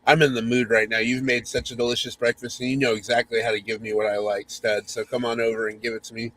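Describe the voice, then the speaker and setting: Man reading as a pushy, eager young wife; breathy asks, mid voice. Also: mid-range voice, level tone, quick pace, fairly bright tone, slight background noise, natural voice, low-quality recording. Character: eager, demanding young adult wife on her birthday.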